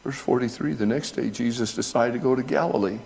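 A middle-aged male pastor preaching a sermon, reading from an old essay and rising to loud, high emphasis when retelling scenes. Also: brisk, creaky, big-room sound. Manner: reads aloud from an old essay between remarks.

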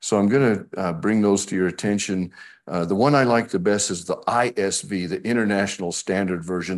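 A man's voice: deep voice, brisk. A man preaching a sermon in a conversational way, acting out the scripture he quotes.

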